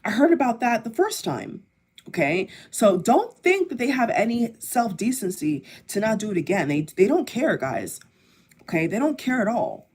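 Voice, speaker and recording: A woman's voice: fairly high pitch, big pitch swings, normal speed, darkish tone, husky. Emphatic woman vlogger ranting to viewers. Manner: emphatic, repetitive, addresses viewers directly. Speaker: political vlogger. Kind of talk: impassioned commentary to camera.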